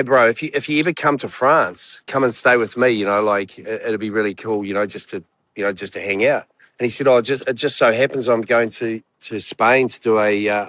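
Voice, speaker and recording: A man's voice: fairly low pitch, dry recording. A man, a guest telling a long personal story in casual chat, rambling and swearing with many fillers. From New Zealand.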